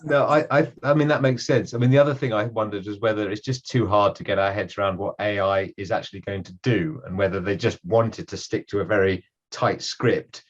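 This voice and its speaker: A man in an online discussion, thoughtful and tentative. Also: on the low side. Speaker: participant in discussion. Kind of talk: casual discussion on a call. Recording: dull lo-fi call audio.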